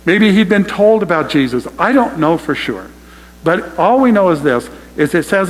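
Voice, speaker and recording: A man with a fairly high voice preaches an emphatic sermon, speaking straight to his congregation. The sound rings with the long reverb of a church hall. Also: lively intonation, normal speed. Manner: emphatic, addresses congregation as "you guys". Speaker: pastor. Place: church sanctuary.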